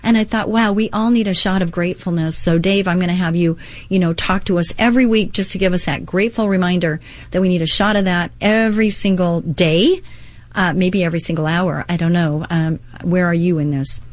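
A woman's voice: on the low side, steady tone, fairly quick, dry recording. A middle-aged woman hosting a Christian inspirational radio talk show, earnest and encouraging, mixing devotional readings with personal asides.

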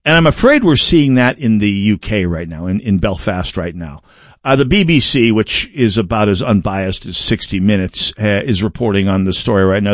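A man's voice: on the low side, expressive, moderate pace, no room sound, clean studio sound. A man hosting a broadcast, delivering a political commentary monologue with emphatic delivery, wry asides and frequent restarts. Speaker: broadcast host.

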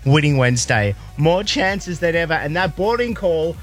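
A man's voice: fairly high pitch, lively intonation, moderate pace. A man with bronchitis, hosting a radio contest with playful, jokey patter over a music bed. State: sick with bronchitis. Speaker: radio host.

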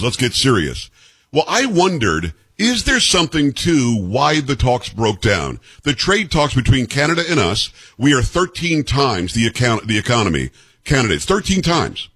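A man hosting a talk radio show, chatty and animated, swinging his pitch around as he riffs. His voice has a husky edge, and the studio sound is dry and close with no room echo. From New York. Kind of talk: casual talk radio chat.

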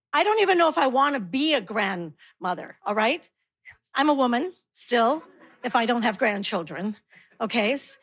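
Sassy high-voiced woman comic in her 60s. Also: fairly bright tone. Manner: sassy, conversational, talks directly to the audience. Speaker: stand-up comedian. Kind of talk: stand-up comedy routine.

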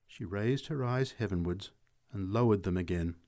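A man reading a literary story aloud in measured, expressive narration. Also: lowish voice.

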